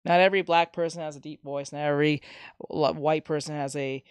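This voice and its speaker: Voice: mid-range voice, a little fast, clear, resonant tone, no room sound, clean studio sound. A streamer in a casual live-stream chat, ranting with some swearing and reading chat messages aloud. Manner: animated ranting with profanity, reads chat aloud.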